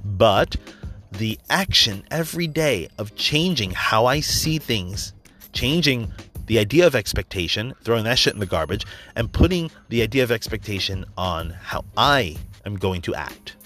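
A man's voice: fairly low pitch, lively intonation, normal speed, a bit bright, soft background music. A man giving a casual motivational talk, blunt and profane, telling a personal story and acting out quotes along the way. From New York area. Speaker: motivational speaker.

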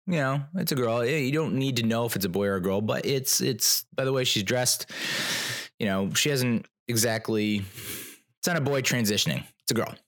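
A man hosting a podcast, telling a rambling story in a casual, animated, self-mocking way, often restarting his sentences. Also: medium pitch, normal speed. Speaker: podcast host.

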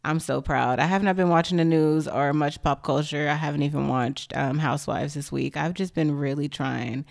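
Low-voiced young woman podcasting, high, rambly and candid, lots of "like". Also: fairly even intonation, moderate pace, creaky, few pauses. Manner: candid, rambling, with frequent "like" fillers. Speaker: podcast host. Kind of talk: casual chat.

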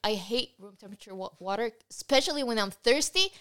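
Exasperated bright-voiced young woman. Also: fairly high pitch, animated, quick pace. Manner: blunt, exasperated, swears, laughs often. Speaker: podcast co-host. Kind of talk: casual chat.

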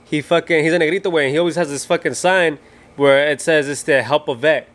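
Young guy rambling fast in a podcast, swears a lot, drops spanish slang. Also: fairly high pitch, fairly even intonation, a bit bright. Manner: profane storytelling, mixing English with Spanish slang. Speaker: podcast co-host. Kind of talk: casual chat.

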